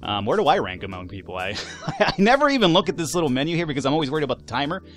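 A man giving casual, animated let's-play commentary, swearing, laughing and talking back to the game's characters. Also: on the high side, very fast, faint music behind. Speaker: gaming YouTuber.

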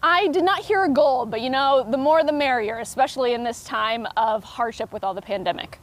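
A woman's voice: high voice, a little fast. A woman reporting live on TV news in a chatty, upbeat way, with casual fillers.

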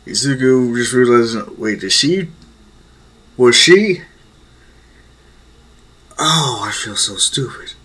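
Husky man telling a rambling story. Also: mid-range voice, takes it slowly, pauses often, fairly bright tone. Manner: casual, rambling. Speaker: fan fiction storyteller. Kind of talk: improvised story narration.

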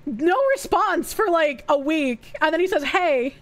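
Young woman streamer, super high voice that bounces around, swears a lot, grossed out reading chat. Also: lively intonation, normal speed. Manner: blunt, profane, openly disgusted commentary. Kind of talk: live-stream reaction, reading chat and messages aloud.

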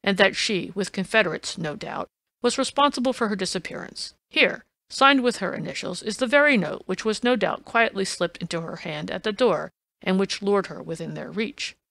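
A woman's voice: medium pitch, expressive, normal speed, gravelly, dry recording. Woman doing a blustering police inspector. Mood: insistent. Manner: loud, indignant, insistent. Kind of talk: audiobook reading.

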